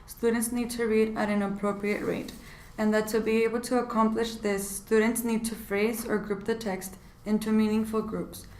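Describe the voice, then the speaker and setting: A woman's voice: a little high, echoey room. A woman reading a scripted class presentation in a plain explanatory tone. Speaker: student presenter.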